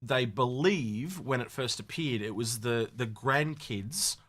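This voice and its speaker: A man co-hosting a casual podcast, rambling and animated with many restarts. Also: mid-range voice, takes it slowly. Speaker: podcast co-host. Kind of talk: casual chat.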